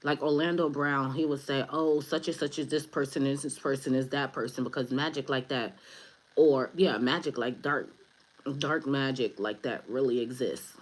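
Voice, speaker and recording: Low-voiced, loose-talking woman tarot reader. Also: fairly even intonation, normal speed, poor audio. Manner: loose, rambling, swears casually, laughs at own jokes. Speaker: spiritual advisor, tarot reader. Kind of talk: casual spiritual reading to viewers.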